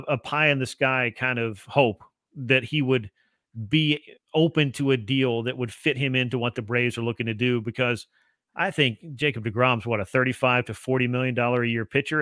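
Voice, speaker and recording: A man appearing as a podcast guest, giving long, fluent explanations in relaxed conversation. His voice is bright and forceful, though his pitch is average. The recording is dry and has no room sound. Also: no echo. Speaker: guest analyst. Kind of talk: casual sports podcast talk.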